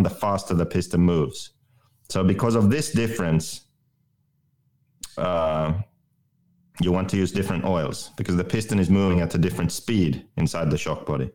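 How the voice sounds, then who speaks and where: Male co-host, methodical explainer. Deep voice. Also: darkish tone. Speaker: podcast co-host. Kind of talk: technical explanation in casual chat.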